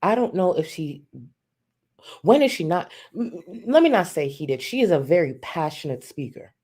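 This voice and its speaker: A woman hosting a live stream, talking bluntly and with plenty of sass and swearing. Her voice sits a little low, and she keeps breaking into loud laughter. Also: very animated, moderate pace, husky. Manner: blunt, sassy and profane, bursts of laughter.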